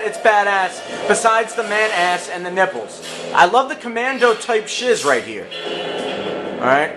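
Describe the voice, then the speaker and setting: A man reviewing movies in a casual vlog, enthusiastic and slangy, joking as he goes. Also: sits high. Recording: echoey room with faint hum.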